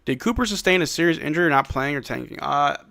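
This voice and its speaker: A man's voice: a little high, lively intonation, fast, gravelly, pushed and bright. Laid-back man calling a game live. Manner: laid-back, slangy, reads chat questions aloud. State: drowsy, yawning. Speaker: live stream watch-along host. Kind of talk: casual play-by-play and chat reading.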